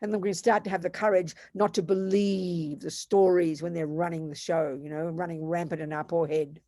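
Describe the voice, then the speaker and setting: A woman's voice: on the low side, steady tone, fairly quick, dark tone, dry recording, clean studio sound. An older woman giving an earnest, emphatic Buddhist teaching, repeating phrases for stress. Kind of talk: dharma talk.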